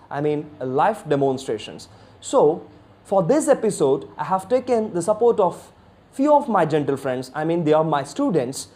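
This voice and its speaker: A man's voice: on the high side, dark tone. A man from India with an Indian English accent, hosting an educational video on accents in an earnest way and often correcting himself. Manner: earnest, repetitive, self-correcting with "I mean". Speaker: English communication teacher and host.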